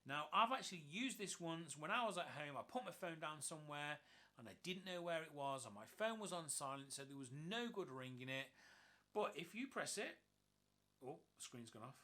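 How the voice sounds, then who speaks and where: A man's voice: on the high side, expressive, normal speed, sharp tone. A man giving an enthusiastic, upbeat walkthrough review of a gadget. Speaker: tech reviewer.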